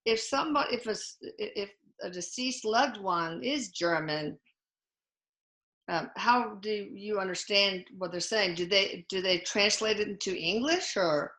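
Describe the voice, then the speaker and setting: A woman's voice: mid-range voice, unhurried, fairly bright tone. A woman hosting a casual interview, chatty and jokey as she asks her questions. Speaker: host, interviewer. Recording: echoey room.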